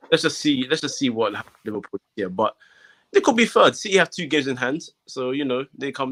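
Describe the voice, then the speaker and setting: Slangy man talking football. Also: lowish voice. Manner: animated, slangy, lots of fillers. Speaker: podcast co-host. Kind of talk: casual football chat.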